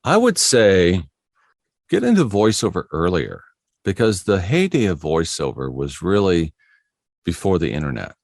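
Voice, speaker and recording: Here a low-voiced, creaky middle-aged man talks at a measured pace with big swings in pitch, captured at studio quality with no room sound. A voiceover artist in a laid-back interview, he tells easygoing stories about his job, frequently breaking into chuckles.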